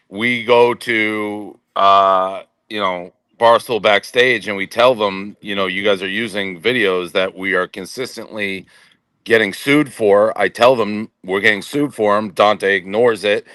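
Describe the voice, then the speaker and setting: A man's voice: fairly low pitch, bright, forceful tone, clear, resonant tone, no echo. A man on a podcast panel, ranting in a profane, exasperated and blunt way. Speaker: company boss on a podcast panel. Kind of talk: heated casual rant.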